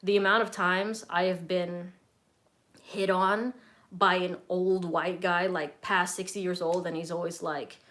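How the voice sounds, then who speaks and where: A woman's voice: lowish voice, level tone, measured pace, a bit bright. A young woman from Southern California answering viewer questions in a casual live stream, chatty and blunt, swearing freely. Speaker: fragrance reviewer and streamer.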